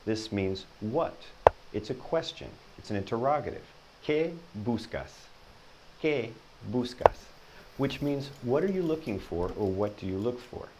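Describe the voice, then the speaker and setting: A man teaching a Spanish lesson, patiently explaining and repeating each example sentence slowly and encouragingly. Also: medium pitch, animated, heavy background noise.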